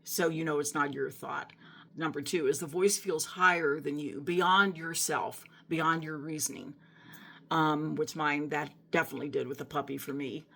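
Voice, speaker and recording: A woman's voice: deep voice, fairly even intonation, normal speed, creaky, a bit bright. A middle-aged woman telling a personal faith story to her viewers in an earnest, emotional way, often restarting her sentences. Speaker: Christian vlogger. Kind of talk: personal testimony talk to camera.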